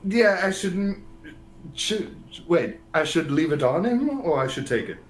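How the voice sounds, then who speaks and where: A man's voice: high-pitched, very animated, a little slow. A man playing a tabletop game, playful and prankish, laughing often. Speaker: player. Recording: faint construction noise behind.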